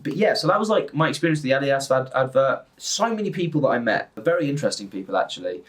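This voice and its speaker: A man's voice: mid-range voice, very animated, fast. A young man chatting casually to a camera on a tripod, rambling and laughing often. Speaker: vlogger.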